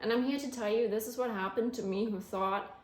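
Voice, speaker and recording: A young woman vlogger telling her own story with animated feeling, with a turn of phrase. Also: fairly high pitch, fairly quick. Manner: emotional, animated storytelling, close to tears at times. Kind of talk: storytelling vlog. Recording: echoey room with faint music.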